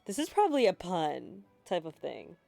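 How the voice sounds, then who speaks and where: A young woman with a slightly low voice chats her way through a game stream. She rambles, giggles, swears and apologizes freely, holding her mic with no desk, with soft music in the background. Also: wildly swooping pitch, moderate pace, vocal fry. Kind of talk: casual game commentary. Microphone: handheld mic, no desk.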